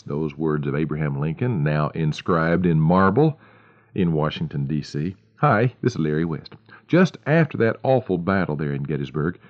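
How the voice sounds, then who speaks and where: A man hosting a devotional radio program, telling a story dramatically with slow, hushed pauses. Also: deep voice. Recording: dull lo-fi radio recording.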